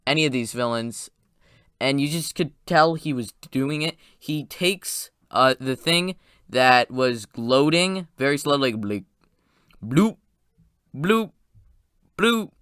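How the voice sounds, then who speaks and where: A man excitedly recapping a movie's plot in a casual, rambling spoiler review, with quick asides. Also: mid-range voice, clear, resonant tone, dry recording, studio quality.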